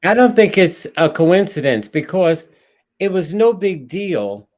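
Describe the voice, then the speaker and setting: Man, panelist, emphatic, hesitant ums, lively pitch. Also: unhurried. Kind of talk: casual debate.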